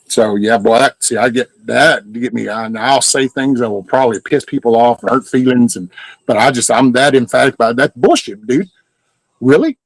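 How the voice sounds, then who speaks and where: A man's voice: medium pitch, moderate pace, dry recording, low-quality recording. A middle-aged man, ranting casually and profanely as host of a live stream. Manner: profane, heated storytelling.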